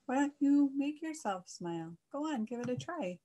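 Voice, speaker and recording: A woman voicing a sweet, cheerful female duck in a children's storybook, talking in a lilting, high voice. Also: expressive, moderate pace, mellow.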